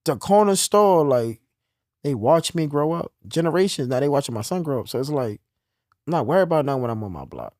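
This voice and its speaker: A young man from New talks in a casual chat. He tells his stories in a lively, up-and-down voice, dropping low and quiet, then rising loud. The sound is close and dry. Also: a little fast, no room sound. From New York. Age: young adult. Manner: animated storytelling, swings from low and quiet to loud. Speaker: podcast guest telling his story. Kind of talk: casual conversation.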